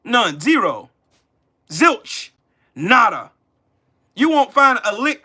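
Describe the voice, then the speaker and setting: A political commentary livestream host rants casually, profane and mocking, calling out his chat viewers by name. His voice is high-pitched and bright, with a forceful tone.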